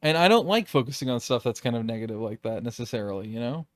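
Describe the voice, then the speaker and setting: A man vlogging off the cuff, rambling and circling back on himself, with curse words scattered through his talk. His voice sits at a middle pitch for a man. It sounds close and dry, with no room echo. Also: lively intonation, fast talker. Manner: rambling, profane, exasperated. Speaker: YouTube creator. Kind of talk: unscripted reflective monologue.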